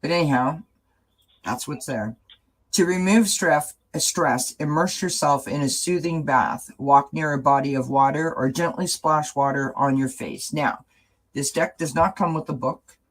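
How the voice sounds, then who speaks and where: A live-stream host talks through oracle cards in a loose, rambling way. The speech is casual and full of small fillers, at a mid pitch. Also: unhurried, rough recording. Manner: rambling and warm-hearted, with many fillers. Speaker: host of a tarot chat stream.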